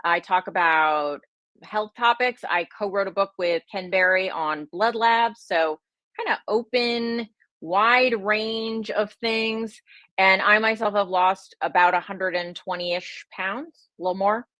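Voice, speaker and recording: A woman's voice: medium pitch, slow pace, bright, forceful tone, dry recording. A middle-aged woman, a health and wellness coach, chatting casually on a livestream with a slight Southern American twist, rambling and self-deprecating with many fillers. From United States.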